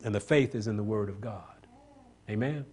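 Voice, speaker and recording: A man preaching an impassioned sermon, building to loud emphatic points and asking the congregation questions for response. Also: fairly low pitch, normal speed, breathy edge.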